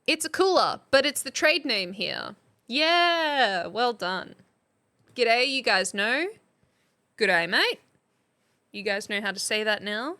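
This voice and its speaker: Bright high-voiced Australian woman. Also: lively intonation, a little slow. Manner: teacherly, quizzing and thanking chat. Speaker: substitute streamer. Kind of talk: casual live stream chat.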